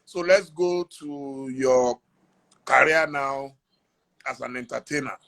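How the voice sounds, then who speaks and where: A man's voice: medium pitch, slow, vocal fry, a bit bright. A man hosting a live-streamed interview, asking probing questions and steering the talk. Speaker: interview host. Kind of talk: casual interview on a social media live stream.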